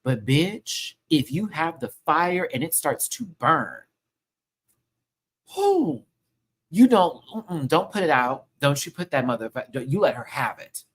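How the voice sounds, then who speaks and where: A man's voice: on the high side, animated, normal speed, hardly any pauses, a bit bright, husky. A man hosting a live review show, ranting in a sassy, heated and profane way full of slang. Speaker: show host reviewing a TV episode.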